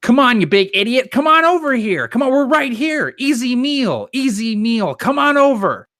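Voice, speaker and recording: A man voicing an adventurer loudly taunting an ogre in a tabletop game, in a raised, mocking voice. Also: sing-song, normal speed, full character voice. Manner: loud mocking taunts, high-pitched. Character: adventurer Ephraim taunting an ogre, male adult.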